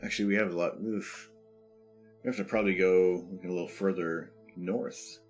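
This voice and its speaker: A Canadian man with a deep, low voice talks easily and casually on a live stream. He reads viewers' questions aloud and answers them in an unhurried, chatty way. Soft music plays faintly behind him. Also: fairly even intonation.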